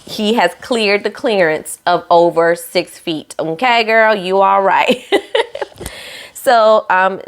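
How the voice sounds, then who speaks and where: A woman recapping a reality show in a chatty, sassy way, with playful asides to her viewers. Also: mid-range voice.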